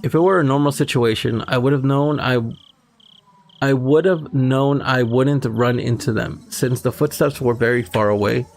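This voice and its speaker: A man's voice: mid-range voice, slight background noise. A man streaming himself as he reads a visual novel aloud, breaking off now and then to check his stream settings.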